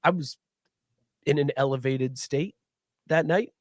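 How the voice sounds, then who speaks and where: A man's voice: on the high side, a little slow, no room sound, studio quality. A man hosting a sports podcast in casual chat, rambling and laid-back, laughing often. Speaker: podcast host.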